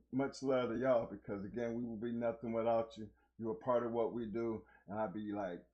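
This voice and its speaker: Mellow-voiced man hosting a live show. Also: mid-range voice, dull audio. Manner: animated, repeats "you know what I'm saying". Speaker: host. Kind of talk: casual live-stream chat.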